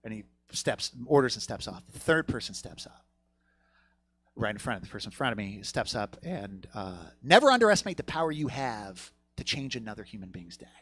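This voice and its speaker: A man doing a stand-up set on a comedy theater stage, profane, swinging from low mutters to loud punchlines. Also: very animated, a little fast, husky.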